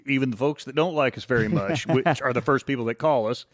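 A middle-aged man, a guest on an interview show, telling rambling stories in a relaxed, casual way and quoting other people as he goes. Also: medium pitch, fast talker, dry recording, studio quality. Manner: relaxed, rambling anecdotes with quoted voices.

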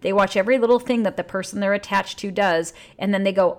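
A woman relationship coach talking in a casual advice monologue, candid and blunt, swearing freely, with emphatic jumps in pitch. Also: fast, few pauses.

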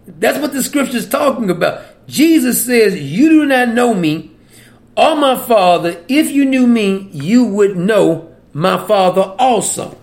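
A man giving an informal Bible teaching, animated and folksy, laughing often between verses. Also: high voice, measured pace.

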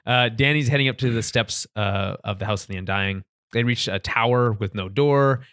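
Laughing, animated podcast guy. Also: medium pitch, normal speed, clear, resonant tone, no room sound. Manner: animated, laughs often, many restarts. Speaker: podcast co-host. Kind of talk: casual chat recapping a TV episode.

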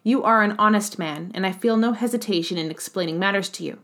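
A woman voicing a calm, commanding mayor. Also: medium pitch, normal speed, close to an everyday voice. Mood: calm authority. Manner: calm and conciliating, gently severe. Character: calm, authoritative male town mayor.

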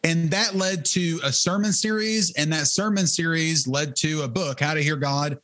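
A man's voice: on the high side, normal speed, a bit bright. Fervent man telling his story. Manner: earnest, fervent storytelling with frequent restarts. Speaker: interview guest, ministry leader. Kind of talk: testimony in conversation.

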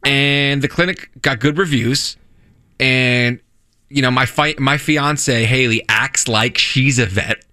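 A man's voice: medium pitch, slow, sharp tone, no room sound, studio quality. A young adult man hosting a radio show, telling a story in casual chat and often restarting his sentences. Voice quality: rambling, self-interrupting storyteller.

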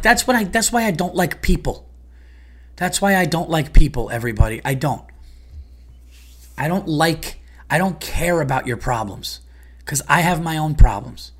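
A middle-aged man, ranting in a casual podcast monologue, profane and exasperated, swinging louder and higher when annoyed. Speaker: comedian and podcast host.

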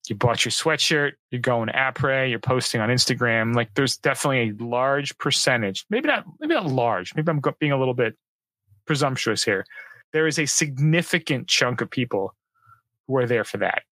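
A man's voice: medium pitch, normal speed, no echo. A man co-hosting a podcast, talking casually and with strong opinions about ski passes and resorts. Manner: animated, opinionated, enthusiastic about skiing. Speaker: podcast co-host. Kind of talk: casual chat.

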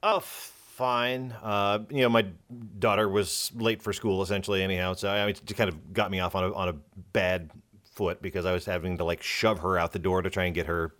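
A man's voice: sits low, fairly even intonation, fairly quick, fairly bright tone. A man on a morning radio show, easygoing and a bit rambling about his family.

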